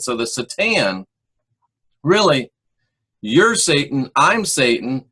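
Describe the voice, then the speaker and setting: A man hosting a religious teaching video, speaking in a drawn-out, emphatic preaching manner. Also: mid-range voice, sharp tone. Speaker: host and former minister. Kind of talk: monologue teaching.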